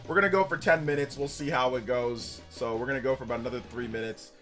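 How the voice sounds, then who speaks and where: A man's voice: medium pitch, fairly even intonation, fast talker, fairly bright tone, faint music behind. A young man streaming a video game live, chatting casually, rambling and repeating himself and laughing easily.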